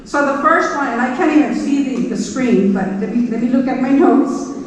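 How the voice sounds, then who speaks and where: A woman's voice: sits high, normal speed. A middle-aged woman, a school superintendent giving a speech to staff in a large auditorium, emphatic and repeating her key points to the audience. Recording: echoey auditorium, voice from far off.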